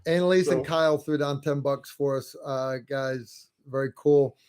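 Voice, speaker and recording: Relaxed man rambling on a livestream. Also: medium pitch, normal speed, clean tone. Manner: relaxed, rambling, many fillers. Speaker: host. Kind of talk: casual livestream chat.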